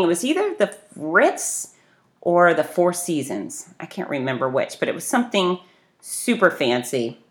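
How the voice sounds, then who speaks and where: A woman telling a casual story with a lively, self-deprecating manner. Her voice sits a little low for a woman, and she swings it up sharply whenever she acts out the people in her story. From grew up on the beach. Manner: animated storyteller, voices people in the story with big pitch jumps. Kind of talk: casual anecdote.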